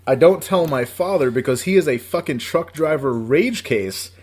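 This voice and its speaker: A man's voice: fairly high pitch, animated, normal speed, a little mellow, breathy edge. A man in his thirties from upstate New York, co-hosting a podcast and telling a long story in a casual, profane, rambling way, laughing often. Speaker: podcast co-host.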